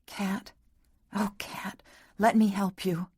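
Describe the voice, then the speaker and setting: Woman reader as a gentle, throaty young husband, hushed pleading, audiobook romance. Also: on the low side, slow, dry recording, studio quality. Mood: whispered pleading. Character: tender anguished young husband comforting his wife.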